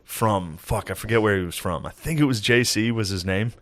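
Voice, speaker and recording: A man's voice: lowish voice, a little fast. A man co-hosting a comedy podcast, telling casual comic stories full of swearing and breaking into laughter. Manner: profane, laughs through his stories.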